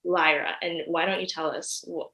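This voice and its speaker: A woman's voice: fairly low pitch, level tone, moderate pace, bright, forceful tone, reverberant. Upbeat woman hosting a podcast. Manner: chatty, upbeat, says "like" and "you know" a lot. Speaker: podcast host. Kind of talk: casual interview.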